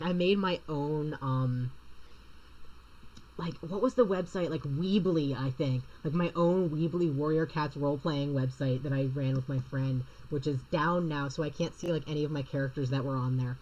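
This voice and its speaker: A young woman with a low-pitched voice chats loosely with her stream while she sketches, rambling from thought to thought and answering viewers. The audio is a bit dull and lo-fi. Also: moderate pace, darkish tone. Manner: rambling, chatty, reads and answers chat. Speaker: streamer drawing live. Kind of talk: casual chat while drawing.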